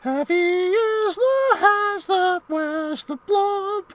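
A man putting on a shrill, strained falsetto. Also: a bit bright, exaggerated voice. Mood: silly. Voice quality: strained falsetto that hurts the throat. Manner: drawn-out, sing-song delivery. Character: shrill, strained, silly high-voiced man. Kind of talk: comic put-on voice during a game stream.

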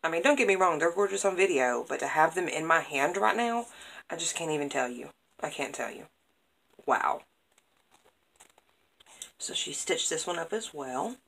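A woman's voice: sits low, moderate pace, vocal fry, long pauses, low-quality recording. A woman, chatting casually to camera as she opens craft mail and gushes over every piece. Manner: gushing, excitable, repeats praise words. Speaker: craft vlogger opening happy mail.

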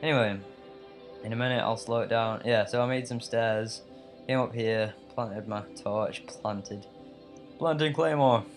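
Low-voiced English let's play host, slightly American-tinged, rambling gameplay voiceover over faint music. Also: male voice, flat delivery, measured pace. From England. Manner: rambling and chatty, with many fillers and tangents.

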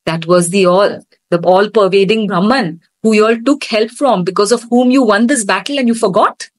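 A woman's voice: mid-range voice, normal speed, close to an everyday voice. A woman voicing a wise goddess who rebukes the gods, telling a scripture story. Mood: rebuking.

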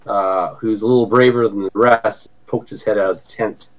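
A man's voice: lowish voice, fairly even intonation, moderate pace, low-quality recording. A man acting as game master of a tabletop game, narrating in an easygoing way and thinking aloud as he goes.

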